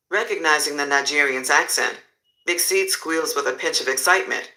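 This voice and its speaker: A man's voice: fairly high pitch, moderate pace, bright, forceful tone, poor audio. A man narrating a crime story live, with vivid descriptive storytelling.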